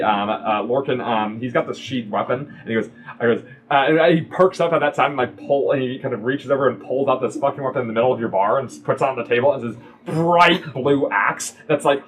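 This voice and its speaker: A man narrating as game master of a tabletop game, halting, with many restarts. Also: medium pitch, a little hiss or hum.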